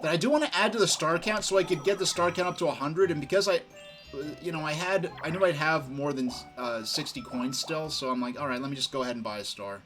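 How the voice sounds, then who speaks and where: A man's voice: fairly high pitch, fast talker, fairly bright tone, soft background music. A man from New York streaming a game, chatting casually and telling rambling, enthusiastic stories. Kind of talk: casual gaming stream chat.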